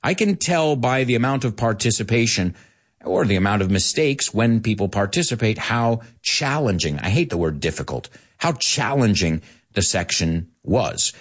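Animated husky male English teacher. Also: lowish voice, moderate pace. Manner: playful, animated, jokes with viewers; mixes Spanish phrases into English explanations. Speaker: English teacher and show host. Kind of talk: live language lesson.

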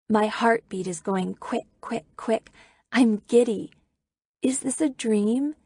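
Slow, gravelly-voiced woman audiobook narrator. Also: a little high, mellow, dry recording, clean studio sound. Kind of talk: first-person audiobook narration.

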